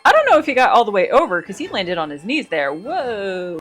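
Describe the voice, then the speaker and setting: A woman's voice: medium pitch, fairly quick, few pauses, soft background music. A woman hosting a wrestling reaction video, gasping and laughing as she reacts live, then recapping in casual chat. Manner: excitable, gasping, laughing often.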